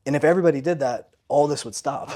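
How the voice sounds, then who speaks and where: A man in his forties, appearing as a guest on a podcast, shares a personal story with earnest candor and often tags "right?" onto the end of his lines. He works as a financial coach, and his voice sits on the high side, dark in tone, with a fast delivery.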